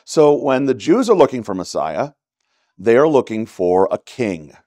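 A man's voice: medium pitch, big pitch swings, measured pace, warm tone, dry recording. A man with a Texan accent teaching a church Bible study in a conversational way, often checking in with "right?". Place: church classroom.

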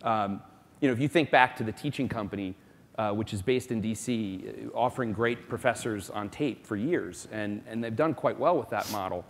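A man from South Florida speaking as a company executive on a conference panel, emphatic and quick to make his point. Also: on the low side. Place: conference hall. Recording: long reverb of a conference hall.

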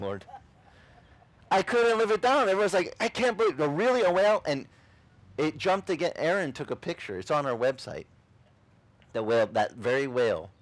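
Male pastor, animated and humorous, preaching outdoors and jumping into high voices for quotes. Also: low-quality recording. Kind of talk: sermon. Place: outdoor beach service.

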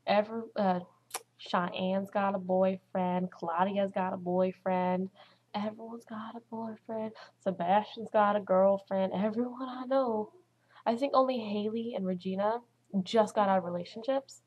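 A teenage girl chatting to camera at home in a casual vlog, talking fast and dramatizing what others said. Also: medium pitch, steady tone, breathy edge, dull audio. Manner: chatty, dramatic, acts out quotes. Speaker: vlogger.

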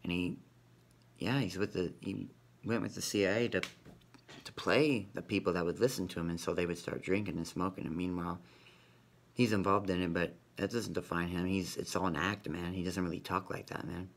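A man's voice: low-pitched, steady tone, moderate pace, vocal fry. A man vlogging in a rambling, profane monologue, ending nearly every sentence with "man". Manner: rambling, repeats "man" constantly; profane, conspiratorial.

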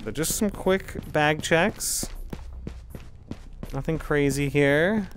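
A man streaming a game live, thinking out loud and talking straight to his chat as he plays. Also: a little high, takes it slowly, music in the background. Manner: chatty, thinking aloud while playing. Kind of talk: live gameplay commentary to chat.

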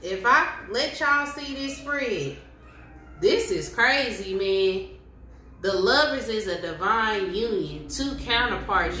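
Slow-talking woman doing a tarot reading. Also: fairly high pitch, animated, bright, forceful tone. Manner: slow, repetitive, affirming, speaks directly to viewers. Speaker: tarot reader. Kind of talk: casual tarot reading to camera. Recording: roomy home recording with faint hiss.

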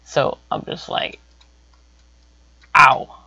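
A young man telling a casual story about himself in a rambling way, repeating words and breaking into sudden high exclamations. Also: animated, a little slow, creaky, sharp tone, dry recording. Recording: dull lo-fi recording.

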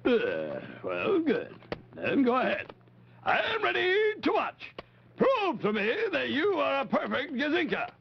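Man doing a blustering puppet chief, high, raspy, swooping, lo-fi old TV sound. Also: wildly swooping pitch, full character voice. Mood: demanding. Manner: pompous, bellowing, drawn-out. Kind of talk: 1950s children's TV puppet show. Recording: dull lo-fi 1950s TV audio.

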